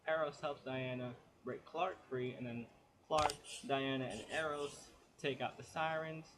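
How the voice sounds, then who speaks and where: A man's voice: medium pitch, steady tone, a little slow, noisy background. A man giving a casual spoken comic book review, chatty and rambling as he retells the plot.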